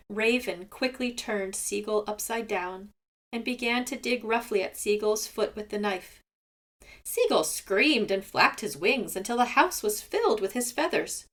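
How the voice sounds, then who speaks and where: A woman reading a folk tale aloud to children in an expressive, measured way. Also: medium pitch. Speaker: storyteller. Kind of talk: storybook read-aloud.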